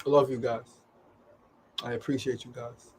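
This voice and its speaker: A man with a medium-pitched, darkish voice runs his daily live show from a studio, delivering an urgent, pleading monologue full of swearing and repeated phrases. His pitch barely moves, his speed is normal, and there's slight background noise.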